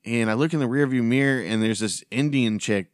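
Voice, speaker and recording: A man's voice: medium pitch, fairly quick, dry recording, clean studio sound. Rambling man telling a story on a podcast. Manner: rambling, with many restarts and swearing. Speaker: podcast host. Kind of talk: casual storytelling chat.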